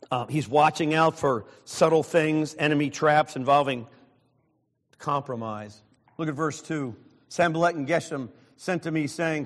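A man's voice: a little high, long reverb tail. A pastor in his sixties preaching a sermon, earnest and openly self-deprecating. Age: 60s.

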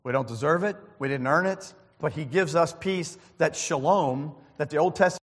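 A man preaching a sermon as pastor, emphatic and repetitive, swinging between loud and soft. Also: a little high, normal speed, long reverb tail. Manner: emphatic, repeats phrases, shifts loud and soft.

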